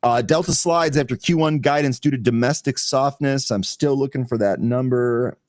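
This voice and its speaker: This man hosts a live morning stock show at a middle pitch. He talks in a chatty way, reads market headlines aloud and walks through charts. He laughs easily between points. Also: normal speed, darkish tone. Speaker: host of a pre-market trading show.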